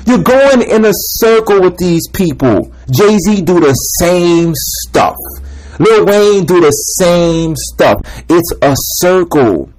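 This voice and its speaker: Man, high and lively voice, emphatic street-slang preacher ranting to camera. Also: takes it slowly, low-quality recording.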